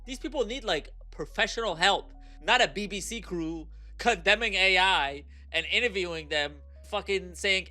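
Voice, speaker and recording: Young man, bright forceful voice, profane incredulous rant, faint music behind. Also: high voice, moderate pace. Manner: incredulous, swearing, repeats himself. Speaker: reaction streamer. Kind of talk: profane ranting reaction commentary.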